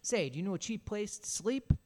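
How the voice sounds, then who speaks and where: A man's voice: high-pitched, animated, fairly quick, dark tone, pitched above the performer's own voice. A man playing a blunt, wary young drifter.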